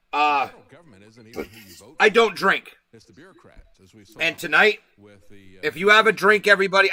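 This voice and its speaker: A man's voice: sits high, sharp tone, low-quality recording. A man hosting a casual livestream, nervous and rambling, swearing as he talks to his chat. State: anxious. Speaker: livestream host.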